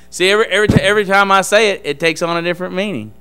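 A man giving an earnest testimony in a church service, speaking in a halting, emphatic preaching style. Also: high-pitched, pushed and bright, smooth.

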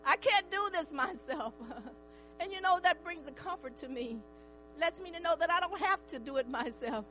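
A woman's voice: extremely high pitch, expressive, normal speed, sharp tone, a little hiss or hum, poor audio. An older woman giving an emotional church testimony, fervent and tearful, often breaking into cries of praise.

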